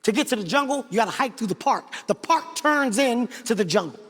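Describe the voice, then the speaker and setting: A man telling a profane stand-up comedy story with animated, indignant outbursts. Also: very high-pitched, a little fast, husky. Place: large venue with audience. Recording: echoey hall, faint background noise.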